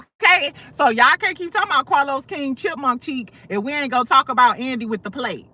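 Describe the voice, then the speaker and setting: A woman's voice: sits high, big pitch swings, moderate pace, sharp tone. A woman host on a casual livestream, telling blunt, profane gossip stories full of asides. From St. Louis. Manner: sassy, blunt, profane storytelling with many asides.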